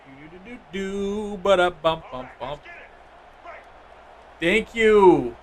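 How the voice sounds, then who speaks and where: A man streaming a football video game, giving casual, excitable play-by-play and chatting with viewers. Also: high voice, slow, a little hiss or hum. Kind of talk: live gameplay commentary.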